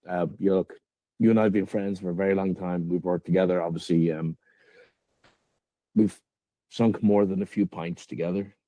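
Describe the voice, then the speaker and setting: A man hosting a casual podcast, talking with a guest who is an old friend. His voice sits low and dark, and it sounds dry and close. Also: steady tone, moderate pace, long pauses, no room sound. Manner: friendly, wrapping up with thanks. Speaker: podcast host.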